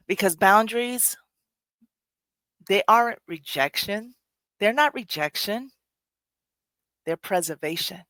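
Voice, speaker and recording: A woman's voice: mid-range voice, lively intonation, takes it slowly, pauses often, a bit bright, no room sound. A middle-aged woman hosting a podcast, talking earnestly and candidly in a reflective personal way, sometimes laughing at herself. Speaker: podcast host.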